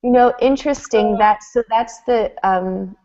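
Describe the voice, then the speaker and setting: A woman's voice: a little high, measured pace, mellow, dull audio. A woman in a casual video call discussion, chatty and saying "like" a lot. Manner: chatty, heavy use of "like". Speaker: commedia discussion participant.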